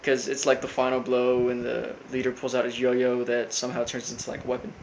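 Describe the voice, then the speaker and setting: A man casually recapping a cartoon episode, rambling with lots of fillers and flat quoted lines. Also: mid-range voice, fairly quick, gravelly, slight background noise, rough recording. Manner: rambling, full of fillers, quotes characters flatly. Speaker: recap host.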